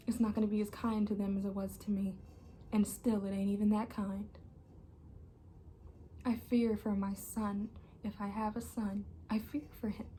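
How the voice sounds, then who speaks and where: Angry young woman, hushed intense repetition. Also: mid-range voice. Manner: angry and emphatic, repeating phrases, often dropping to an intense hushed voice. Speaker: channel host. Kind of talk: impassioned personal monologue.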